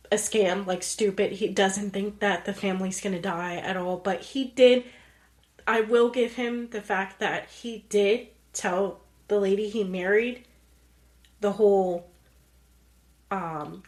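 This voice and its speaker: In a medium-pitched, slightly mellow voice, a female podcast co-host chats casually about a movie. She performs the characters' dialogue while walking through the plot.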